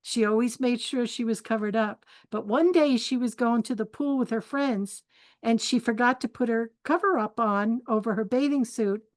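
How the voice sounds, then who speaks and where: A woman's voice: on the high side, normal speed, dry recording. An older woman hosting a spiritual forum, telling family stories in a chatty, candid way and turning them into life advice. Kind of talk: storytelling talk.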